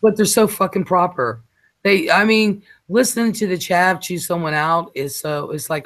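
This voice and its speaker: A man hosting a late-night casual chat show, rambling and halting with fillers as he talks. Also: high voice, fairly bright tone. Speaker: show host.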